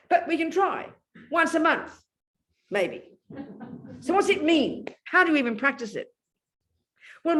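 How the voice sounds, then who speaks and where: A woman teaching a Buddhist talk to a live group, her voice swinging widely up and down as she drives each point home. She speaks bluntly and emphatically, with a steady stream of questions thrown to her listeners. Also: on the high side. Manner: emphatic and animated, often asks the audience "you know?"; blunt, outspoken. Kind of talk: dharma talk to an audience.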